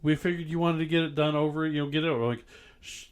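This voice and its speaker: A man's voice: on the high side, steady tone, racing, smooth. A man co-hosting a casual podcast, joking around, laughing often and asking his guests questions. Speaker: podcast co-host. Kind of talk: casual chat.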